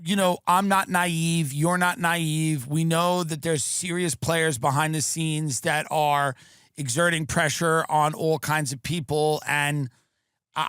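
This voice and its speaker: Man, podcast host, high-pitched, dry studio sound, sarcastic, rambling, deadpan. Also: clear, resonant tone, dry recording. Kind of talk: comedy podcast riffing.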